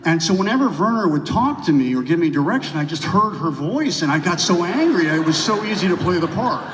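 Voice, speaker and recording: A man being interviewed onstage as a guest actor, an animated storyteller who restarts his sentences as he talks. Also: high-pitched, brisk, crowd noise. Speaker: guest actor at a film festival Q&A. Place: theater stage before a live audience. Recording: echoey hall, mic from a distance.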